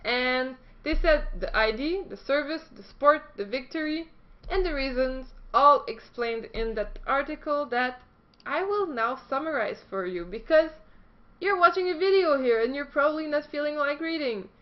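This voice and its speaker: A woman's voice: high-pitched, expressive, normal speed, muffled recording. A woman hosting a casual esports news vlog, chatty and self-deprecating, stumbling now and then as she reads.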